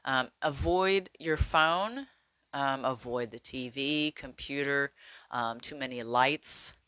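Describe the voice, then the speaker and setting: A man talks straight to camera in a loose, chatty way, leaning on filler words and pausing to check his notes. His voice is bright and clean. The sound is dry and close. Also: mid-range voice, smooth, no room sound. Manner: rambling, filler-heavy, chatty; glances at notes while talking. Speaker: wellness vlogger. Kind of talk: casual talk to camera.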